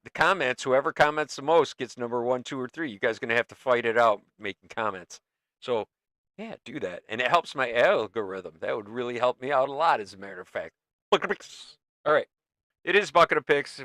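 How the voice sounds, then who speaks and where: A man's voice: mid-range voice, a bit bright, dry recording, clean studio sound. A man hosting a livestream, chatting casually to his viewers in a loose, rambling way. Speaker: livestream host.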